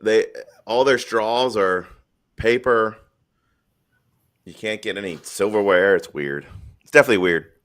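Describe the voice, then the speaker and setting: A lower-pitched man hosting a live stream and talking casually. He rambles through his stories bluntly and swears freely, in an easygoing, unscripted chat. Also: a little slow, long pauses, fairly bright tone. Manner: blunt, profane, rambling storyteller.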